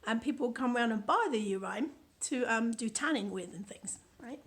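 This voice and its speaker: A British woman reads aloud from a book she wrote, adding playful, chatty asides as she goes. Her voice sits a little high. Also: moderate pace. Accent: British English. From United Kingdom. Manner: chatty and playful, laughs at her own lines. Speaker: author reading from her own book. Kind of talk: casual book reading with commentary.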